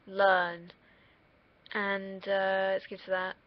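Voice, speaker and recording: A woman's voice: mid-range voice, monotone, drawn-out words, lo-fi sound. A young woman, a student, rambling casually to camera in a self-deprecating way with the odd swear. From United Kingdom. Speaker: student vlogger.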